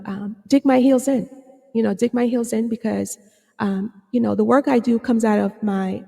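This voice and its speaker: A woman hosting her own podcast as a psychotherapist, talking earnestly with many fillers and restarts, a little hoarse. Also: mid-range voice, dark tone, big-room sound. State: slightly hoarse, clearing her throat. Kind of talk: reflective solo podcast talk.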